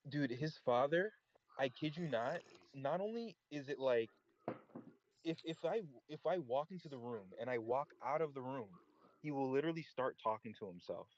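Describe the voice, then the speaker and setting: A young man tells a long, rambling story on a voice chat call, filling it heavily with "like". He sounds animated, with a medium pitch and moderate pace. His voice-chat mic yields a dull lo-fi recording with slight background noise.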